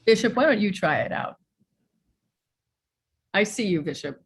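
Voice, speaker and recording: A woman's voice: medium pitch, expressive, a little slow, husky. A woman pastor leading an online church service over a video call, speaking earnestly and giving thanks to supporters. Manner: earnest, preacherly, thanks people by name.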